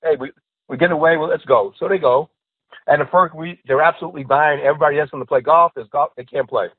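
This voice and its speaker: Over a tinny, phone-like line with a dry sound, this comedian's fairly high, husky voice moves fast. He tells jokes in a relaxed podcast conversation, animatedly playing each character.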